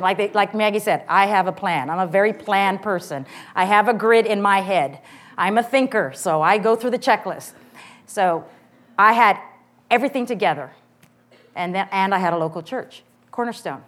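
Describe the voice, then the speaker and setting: A woman's voice: medium pitch, fairly bright tone. A middle-aged woman giving an earnest, candid personal testimony before a church audience.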